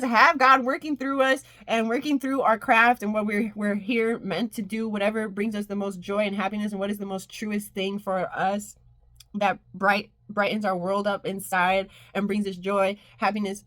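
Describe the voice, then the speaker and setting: Bright, exuberant woman giving a spiritual pep talk. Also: mid-range voice, fairly even intonation, moderate pace, dry recording. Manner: exuberant, laughs often, bursts into squeals; repeats phrases in rhythmic lists. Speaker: spiritual channel and motivational speaker.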